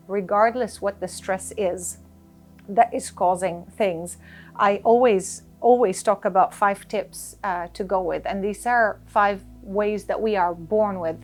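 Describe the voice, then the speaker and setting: A woman guest in an interview, talking earnestly about handling stress and acting out little scenes to make her point. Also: medium pitch. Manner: earnest, animated, advice-giving with acted-out examples. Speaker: interview guest, life coach. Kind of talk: conversational interview.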